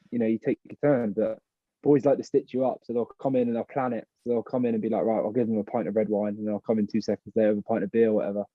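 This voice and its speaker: A man, a rugby player guest, telling a story in a relaxed, rambling way with many ums. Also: mid-range voice, dry recording. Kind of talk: casual storytelling. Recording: muffled lo-fi audio.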